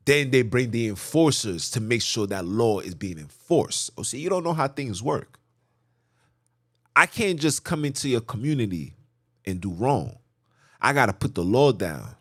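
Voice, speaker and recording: Lively, fired-up male commentator. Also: mid-range voice, measured pace, long pauses, breathy edge, dry recording, clean studio sound. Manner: preachy, repetitive, rhetorical; mocking asides. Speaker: channel host. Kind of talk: impassioned political commentary.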